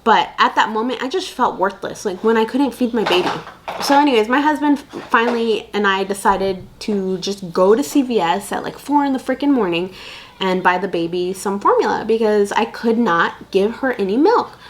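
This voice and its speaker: A woman's voice: medium pitch, animated, normal speed, a little hiss or hum. A young woman vlogging candid parenting advice in a casual, chatty way, full of fillers and asides. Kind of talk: casual chat to camera.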